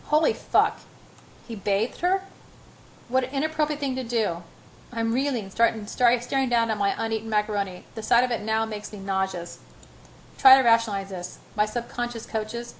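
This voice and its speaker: A woman's voice: fairly high pitch, moderate pace, a little hiss or hum, poor audio. A woman narrating a romance novel in the first person as an amateur audiobook, with small slips and restarts.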